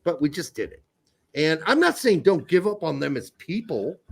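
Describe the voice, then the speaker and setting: A man's voice: a little high, sing-song, normal speed, vocal fry, breathy edge. A man co-hosting a casual sports podcast, blunt, opinionated and joking, with frequent swearing. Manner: blunt, profane, opinionated, jokey. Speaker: podcast co-host.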